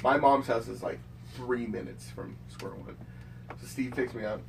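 A man's voice: mid-range voice, normal speed, slight background noise. A man recounting a story in casual chat, chuckling and swearing as he quotes people. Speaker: friend chiming in on the story. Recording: distant from the mic.

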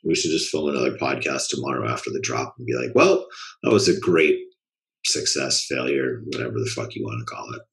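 A man's voice: rumbling low, animated, fast, vocal fry, hardly any pauses, a bit bright. A man co-hosting a podcast in casual chat, laid-back, trailing off and swearing casually. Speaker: podcast co-host.

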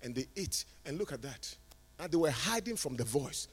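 A male preacher giving a sermon, moving from quiet talk to shouted, sing-song preaching. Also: a little high, sing-song, moderate pace, husky. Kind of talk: sermon at a conference.

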